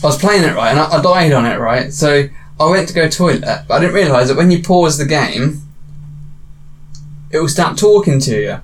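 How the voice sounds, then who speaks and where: A young man chatting casually, telling stories in an animated way as podcast co-host. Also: fairly high pitch, normal speed, a little hiss or hum. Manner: animated storyteller, laughs through his tale. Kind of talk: casual chat.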